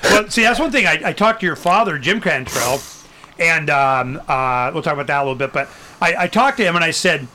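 A man with a high, bright voice hosts a casual interview. He talks bluntly and with plenty of animation, and he drops the odd mild swear word. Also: animated, a little fast. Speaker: host.

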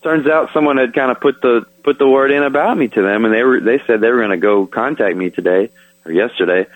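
A man's voice: medium pitch, quick pace, no echo, rough recording. A man guesting on a radio show, casually telling a story, chatty and self-mocking, laughing often.

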